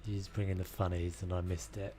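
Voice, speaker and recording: Low-voiced man musing through a game. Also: flat delivery, a little fast, dark tone, faint music behind. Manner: thinking aloud, muttering while building, self-deprecating. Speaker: game streamer. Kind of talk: casual live-stream commentary.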